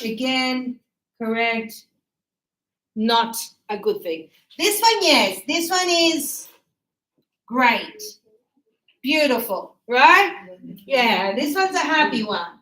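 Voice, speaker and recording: A woman teaching English grammar to learners, animated and acting out short dialogues as examples. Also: on the high side, slow pace, long pauses. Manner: animated, acts out little dialogues to illustrate usage. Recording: echoey room.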